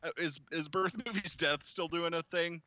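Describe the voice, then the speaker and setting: A man's voice: fairly high pitch, fairly even intonation, moderate pace, bright, forceful tone. A man co-hosting a casual movie podcast, wry and joking, breaking into laughter. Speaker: podcast co-host. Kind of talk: casual chat.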